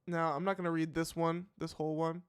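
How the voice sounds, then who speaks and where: A male reaction-show host talks in a loose, musing way, full of "um"s and restarted sentences. His voice sits slightly high and sounds smooth and resonant. The sound is close and dry, with no room echo. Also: little pitch movement, fairly quick. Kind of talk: casual live reaction commentary.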